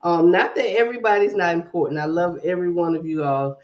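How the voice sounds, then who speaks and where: A woman's voice: lowish voice, quick pace, dull audio. A woman with a mix of Southern drawl and Brooklyn accent hosting a casual livestream, greeting viewers by name and talking herself through tech fixes. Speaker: livestream host.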